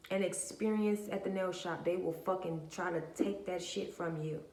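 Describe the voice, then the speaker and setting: A woman's voice: lowish voice, steady tone, moderate pace, a little mellow, reverberant. A woman talking casually to camera as a spiritual vlogger, blunt and profane, telling stories with lots of animation.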